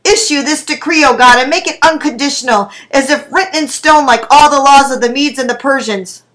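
A woman preacher reading scripture aloud and praying in a sermon, slow and deliberate. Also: high voice, fairly bright tone, poor audio.

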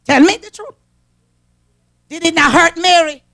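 A woman preacher delivering an emphatic sermon, rising into shouts and calling on the congregation. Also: very high voice, a little slow. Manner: emphatic, call-and-response preaching that rises to shouts.

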